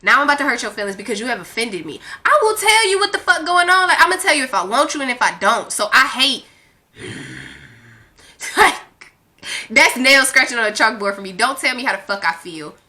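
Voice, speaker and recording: A young woman vlogger telling a storytime rant in a brash, profane, animated way. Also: a little high, fairly quick.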